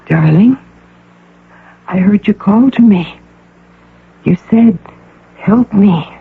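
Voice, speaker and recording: A woman playing an intense, possessive woman posing as a devoted mother in a 1980 radio drama, speaking softly, coaxing and insistent. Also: medium pitch, slow pace, creaky, husky, full character voice. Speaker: visitor claiming to be the patient's mother. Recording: narrow phone-like radio broadcast with faint hum.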